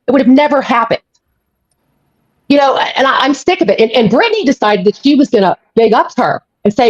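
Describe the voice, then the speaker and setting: A woman rants hard on a live stream, swearing and hammering the same points again and again. Her voice sits high and swings up and down a lot. The sound is dry and dull, like lo-fi audio. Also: expressive, a little fast, dry recording. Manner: angry, profane, repeats herself. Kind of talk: heated live-stream rant.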